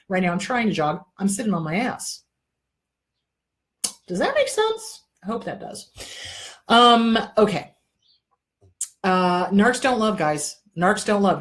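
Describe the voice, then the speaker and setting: Woman, middle-aged, advice show host, blunt, profane, repeats points for emphasis, casual talk. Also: mid-range voice. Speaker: therapist host. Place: indoor room.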